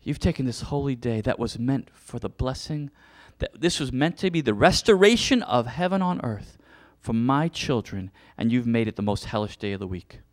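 A man voicing Jesus in a sermon, delivering a grave, earnest rebuke that drops to a hush. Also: mid-range voice, animated, normal speed, hardly any pauses, lightly acted. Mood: stern rebuke. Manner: earnest rebuke, sinking into a hushed whisper. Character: Jesus rebuking religious leaders, grave and stern.

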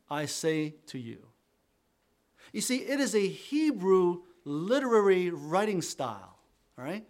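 Male preacher, high and highly expressive, chatty asides, big dynamic swings. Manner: animated preaching with big swings in loudness, dropping to near-quiet at phrase ends; conversational asides to the congregation. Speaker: pastor. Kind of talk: sermon.

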